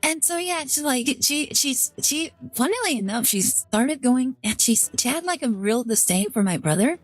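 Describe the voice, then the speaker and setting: A woman's voice: sits high, animated, moderate pace, no room sound, faint music behind. A woman streamer telling a story in casual chat, rambling with lots of "like" fillers and restarts. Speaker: VTuber streamer.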